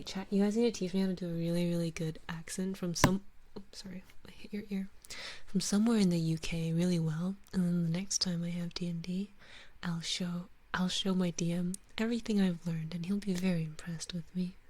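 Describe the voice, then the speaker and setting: A young woman streamer chatting to her viewers in a soft whisper, joking at her own expense, very close to the mic. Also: fairly low pitch, steady tone, a little fast. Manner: soft unvoiced whisper, chatty and self-mocking. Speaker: streamer and ASMR artist. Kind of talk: whispered ASMR stream chat. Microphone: close sensitive ASMR microphone.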